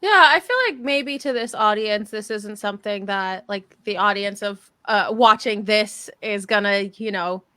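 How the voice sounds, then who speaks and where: A woman who teaches theater, speaking casually on a panel in an animated, emphatic and jokey way. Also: medium pitch, unhurried, few pauses, clean tone, no echo.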